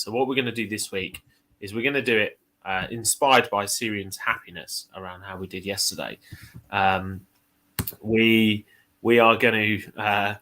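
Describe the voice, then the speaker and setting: Male host, bright low voice, casual rambling chat. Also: slight background noise. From United Kingdom. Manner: relaxed, chatty, many fillers and restarts. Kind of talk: casual live stream chat.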